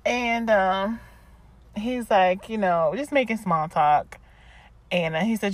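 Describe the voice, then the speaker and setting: A woman in her thirties, a podcast host, chatting through a casual voice diary, laughing and throwing in lively asides. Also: mid-range voice, unhurried, no room sound. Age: 30s.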